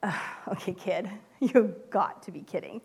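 Woman putting on a doubtful male disciple, weary, unimpressed, sighing, lower and quieter than her usual voice. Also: lively intonation, unhurried, creaky, breathy edge, exaggerated voice, poor audio. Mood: skeptical. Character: skeptical weary male disciple, grown man.

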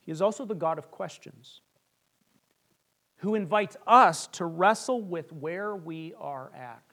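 A man preaching a sermon as pastor, earnest and conversational, often restarting his sentences and dropping to a hushed voice on key lines. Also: high voice, measured pace.

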